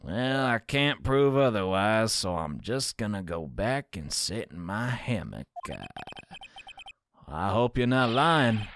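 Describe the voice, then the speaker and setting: A man's voice: on the low side, very animated, slow pace, a bit bright, slight background noise, voice pushed down, full character voice. A man voicing a swaggering cowboy lawman in a put-on cowboy drawl, teasing and calling everyone partner. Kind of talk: voicing game dialogue.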